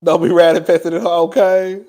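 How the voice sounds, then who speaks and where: A man talks casually to camera as a host. His delivery is animated and gossipy, full of laughter and asides to the listener. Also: high-pitched, fairly quick. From Houston, Texas. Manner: animated and gossipy, laughs often, addresses listeners as "girl" and "child".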